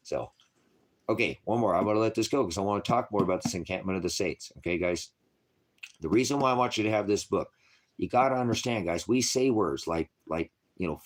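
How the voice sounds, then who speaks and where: A middle-aged man delivers a loose, rambling sermon in a lowish voice. He talks bluntly and goes from quiet musing to loud, forceful bursts. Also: a little fast. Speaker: preacher. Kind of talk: informal livestream sermon.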